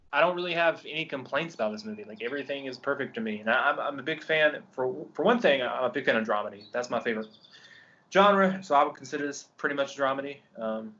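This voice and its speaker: A man's voice: mid-range voice, a bit bright, lo-fi sound. A man hosting a film podcast, talking casually and eagerly about a movie he loves, with lots of ums and restarts. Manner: enthusiastic, rambling with many ums. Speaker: podcast host. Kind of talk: casual film review chat.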